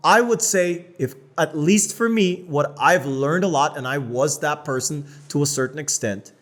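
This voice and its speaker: A North American man co-hosts a casual podcast. His voice sits a little high, and he talks bluntly, swears freely, and shifts between loud, animated bursts and lower asides. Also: normal speed. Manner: blunt, profane, animated storytelling. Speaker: podcast co-host.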